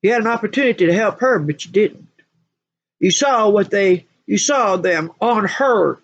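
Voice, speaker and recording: A woman's voice: medium pitch, normal speed, highs cut off. A woman ranting to camera in a vlog, scolding and preachy, repeating her points in emphatic bursts. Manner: repeats phrases, talks in bursts. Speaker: spiritual vlogger. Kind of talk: monologue rant to camera.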